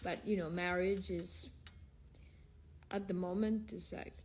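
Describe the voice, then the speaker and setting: A woman with a fairly low, steady, slightly mellow voice speaks at a measured pace. Hosting an informal livestream on her phone, she reads viewers' questions and responds frankly, drifting from one language to another as she talks.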